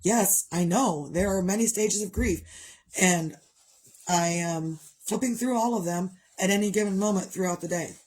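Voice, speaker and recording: A woman's voice: medium pitch, moderate pace, darkish tone. A middle-aged woman chatting candidly to her viewers, rambling and open about her grief. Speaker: vlogger. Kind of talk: casual chat.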